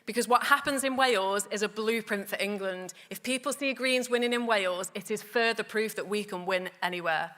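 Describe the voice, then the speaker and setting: Bolton woman fired up at a party conference, crisp bright voice, big hall echo. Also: mid-range voice, a little fast, hardly any pauses, slight background noise. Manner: rousing, with light jokes. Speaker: party politician introducing a speaker. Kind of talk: conference speech. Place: large conference hall on stage. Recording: long hall reverb, faint crowd.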